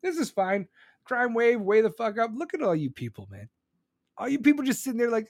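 A man's voice: very high-pitched, big pitch swings, a little fast, no room sound, clean studio sound. A man ranting angrily and profanely, heated and sarcastic, saying he is still seething. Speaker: streamer ranting. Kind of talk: angry political rant.

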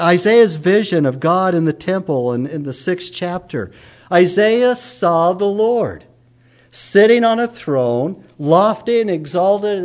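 A middle-aged man preaching a sermon, rising to loud declaiming and dropping to hushed tones. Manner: dramatic, swings from loud raised declaiming to hushed low tones.

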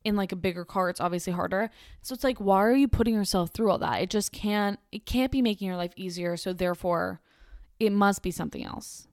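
Young woman, solo podcast host, casual rambling, filler-heavy, medium pitch, dead dry sound. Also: brisk, dry recording. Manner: chatty, rambling, heavy use of "like".

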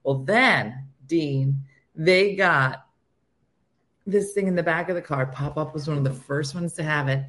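A woman's voice: low voice, unhurried. A woman co-hosting a casual comedy chat who tells stories with animation and teases her co-host. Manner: animated storyteller, playful teasing.

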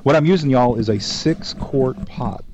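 A man's voice: mid-range voice, moderate pace, background noise. A man hosting a cooking show, chatting casually in a folksy, rambling way and telling jokes along the way. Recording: dull dry lo-fi recording.

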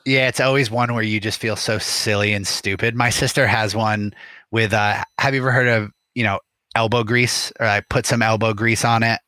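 A man's voice: fairly low pitch, steady tone, normal speed, pushed and bright, no room sound. A young man co-hosting a podcast, sharing family anecdotes with frequent laughter. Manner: laughing, chatty storyteller. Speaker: podcast co-host. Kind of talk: casual chat.

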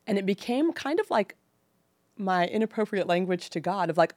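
This thirty-something podcast guest from the San Francisco Bay Area speaks openly and emotionally about her life, slowing at the painful parts. Her medium-pitched voice is animated. The studio-quality recording has no room sound.

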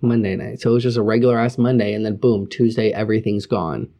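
A man co-hosting a casual streamed chat show, with a mellow, darker voice. He swears freely and grumbles in an animated way, keeping things loose and conversational. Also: fairly low pitch, fast talker. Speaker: podcast co-host.

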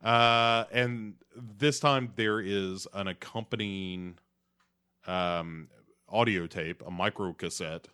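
A man's voice: fairly low pitch, slow, sharp tone, smooth. A man co-hosting a podcast, recapping in a laid-back casual chat and dropping into playful silly voices. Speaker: podcast co-host.

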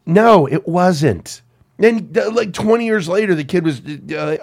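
A man hosting a casual film chat, an animated storyteller who swears and laughs often. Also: high voice, unhurried, vocal fry. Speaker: podcast host.

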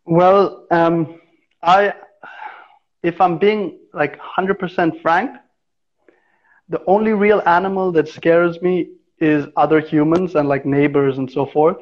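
In a relaxed interview, a guest who grew up in India animatedly shares anecdotes, performing each character's voice himself. His pitch is on the higher side and he takes his time. The recording has a muffled, low-fidelity quality.

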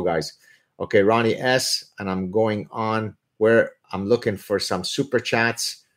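Deep-voiced man hosting a livestream Q&A. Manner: animated, opinionated, jokey asides. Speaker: host answering viewer questions. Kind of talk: live-stream Q&A chat.

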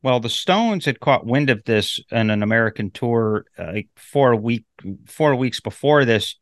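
A man's voice: medium pitch, lively intonation, measured pace, no echo. A man co-hosting a podcast, chatting casually with many fillers, restarts and some swearing. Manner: rambling with many fillers and profanity. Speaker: podcast co-host. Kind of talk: casual chat.

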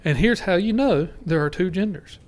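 Blunt man with a higher voice. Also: animated, moderate pace. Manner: blunt, swears freely, laughs often. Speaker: podcast co-host. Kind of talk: casual chat.

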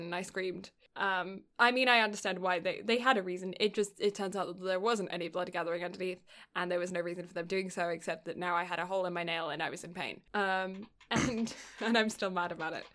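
A woman's voice: medium pitch, a bit bright. A young woman in casual chat, telling stories in a rambling way and often laughing between words. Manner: rambling storyteller, often laughing mid-sentence.

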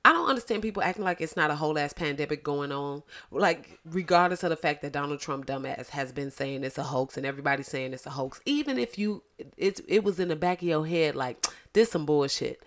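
A woman with a lisp hosting a podcast, talking in an animated, blunt and profane way straight to her listeners. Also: low-pitched, brisk. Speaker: podcast host. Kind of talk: casual podcast commentary.

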